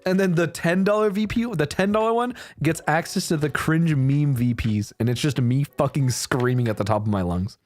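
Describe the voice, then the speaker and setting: A man's voice: on the high side, normal speed, few pauses, a little mellow. A young man chatting casually on a livestream. He laughs often and swears freely. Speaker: streamer.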